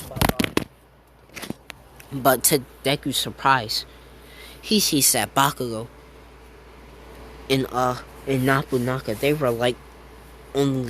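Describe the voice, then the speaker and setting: A man's voice: mid-range voice, fairly bright tone, a little hiss or hum. A man making up a fan-fiction story as he goes, rambling with many fillers, restarts and casual swearing. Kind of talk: improvised fan-fiction narration.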